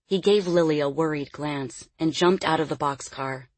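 A woman narrating an audiobook in a measured, expressive storytelling manner. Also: low voice. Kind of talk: scripted narration.

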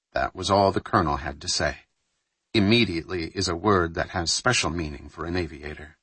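A man reading a thriller novel aloud in measured, scripted audiobook narration. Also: deep voice, pushed and bright, breathy edge, no room sound.

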